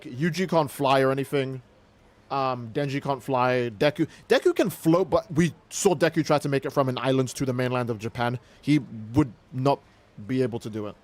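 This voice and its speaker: Young male streamer, slightly high voice, excitable and cussing, rambling chat. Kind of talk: casual livestream commentary.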